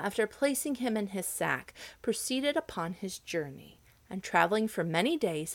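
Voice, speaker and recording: Female storyteller, animated, dry studio read. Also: on the low side, gravelly, dry recording. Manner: expressive, dramatic reading. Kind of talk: storybook narration.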